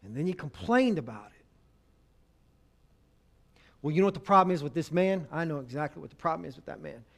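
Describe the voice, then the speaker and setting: A man preaching a sermon on marriage, swinging from loud emphasis to hushed, intimate tones. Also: on the high side, expressive, fairly quick, vocal fry.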